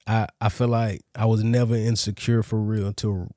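Male host, casual and slangy, reflective, lower pitch, dry studio sound. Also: little pitch movement, moderate pace, mellow, no room sound. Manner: laid-back, slangy, reflective. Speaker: podcast host. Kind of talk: casual chat.

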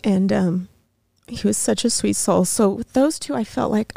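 A woman in her thirties, a podcast guest in a studio, telling a painful personal story haltingly, with many fillers and restarts. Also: medium pitch, creaky, warm tone, no room sound.

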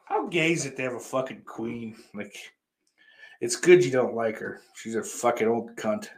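A man hosting a livestream who chats casually with viewers, crude and profane, rambling and then breaking into sudden loud greetings. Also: medium pitch, expressive, moderate pace. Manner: crude and profane, talks to chat. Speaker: livestream host.

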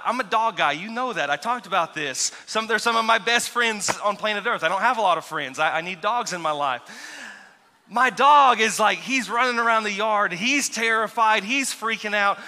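Pastor, male, high and ringing voice, chatty storyteller, large reverberant sanctuary. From grew up near Seminole. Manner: animated, chatty, self-teasing with many restarts. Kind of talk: sermon storytelling. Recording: long reverb of a large hall.

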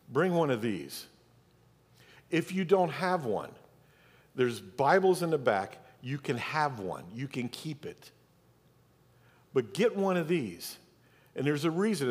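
Lively-voiced pastor preaching in a reverberant church. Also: male voice, a little high. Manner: emphatic, talks directly to the congregation. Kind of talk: sermon. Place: church sanctuary. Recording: long church hall reverb.

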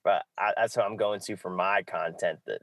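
A man's voice: low-pitched, normal speed, fairly bright tone, no room sound. A man hosting a casual sports podcast, loose and jokey, often saying "exactly". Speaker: podcast host.

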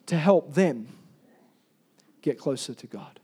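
Man, pastor, high-pitched, preaching, emphatic then hushed. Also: very animated, measured pace, long pauses, husky. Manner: rising to loud emphatic calls, dropping to soft storytelling. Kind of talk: sermon.

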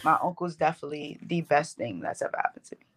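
A woman's voice: low-pitched, animated, fast, fairly bright tone. A woman poet in a casual interview, talking in a heartfelt, rambling way with many fillers. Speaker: poet guest.

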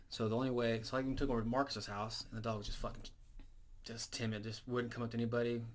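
A man's voice: medium pitch, level tone, fast talker, slight background noise. A man co-hosting a podcast, telling a rambling, profane story in casual chat. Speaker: podcast co-host.

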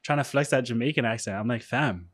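A man's voice: medium pitch, fast. A man co-hosting a podcast in casual chat, blunt and straight-talking with slang. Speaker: podcast co-host.

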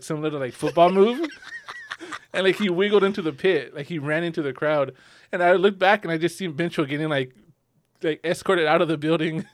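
A man's voice: a little high, no echo, clean studio sound. Chatty young man telling a story. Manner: storytelling with many fillers, acts out quotes. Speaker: podcast co-host. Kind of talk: casual chat.

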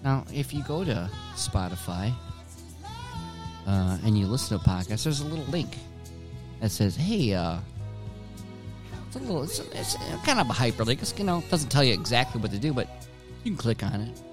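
Swearing podcast dude rambling at home, voice bounces all over, music going behind him. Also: male voice, medium pitch, big pitch swings, normal speed, pauses often. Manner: profane, rambling, joking with himself. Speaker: podcast host. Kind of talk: casual solo podcast rambling. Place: his home.

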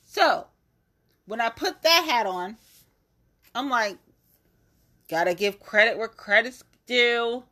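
Female podcast host, unhurried, bright forceful tone, blunt exasperated delivery. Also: a little high, expressive. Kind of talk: casual ranting monologue.

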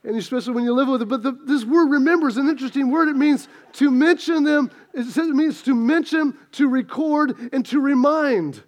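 A man's voice: very high-pitched, a little fast, few pauses. A middle-aged man, a pastor, preaching a sermon and telling a funny self-deprecating story about his marriage in a chatty way. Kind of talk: sermon with a humorous personal story.

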